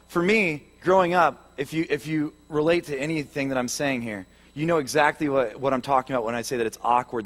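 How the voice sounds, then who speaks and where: A pastor with a fairly high voice delivers a sermon, joking at his own expense as he tells a story. He shifts into an earnest, reflective tone when he turns to growing up. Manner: humorous, self-deprecating storytelling.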